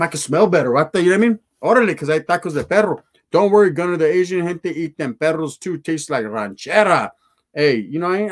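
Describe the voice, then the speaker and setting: Man, profane slangy storytelling, a bit high-pitched, casual livestream talk. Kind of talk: casual storytelling to a live chat.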